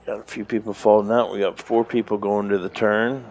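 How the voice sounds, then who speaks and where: A man calling poker hands live in a relaxed, conversational play-by-play. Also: lowish voice, fairly quick, a little hiss or hum. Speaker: poker stream commentator.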